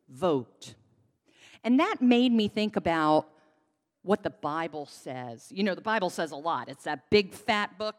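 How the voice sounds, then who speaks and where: A woman giving a children's sermon into a handheld microphone in a church sanctuary, leading the congregation in call-and-response. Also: on the low side. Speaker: pastor giving a children's message. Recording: long church reverb.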